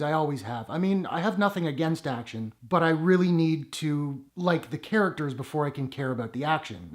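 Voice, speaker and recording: Wry man reviewing a movie. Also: fairly high pitch. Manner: wry, sarcastic asides. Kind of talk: casual spoken review to camera.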